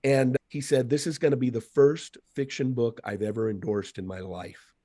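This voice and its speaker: A man's voice: medium pitch, steady tone, normal speed, warm tone, no echo, studio quality. A man in his fifties, a speaker and author, telling reflective stories as a podcast guest. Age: 50s. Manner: reflective, anecdotal, quotes others. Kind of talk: storytelling in a podcast interview.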